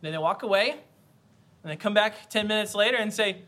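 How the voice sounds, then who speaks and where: Bright, high-voiced male preacher. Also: a little fast. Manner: earnest, conversational preaching with repetitions. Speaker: pastor. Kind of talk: sermon.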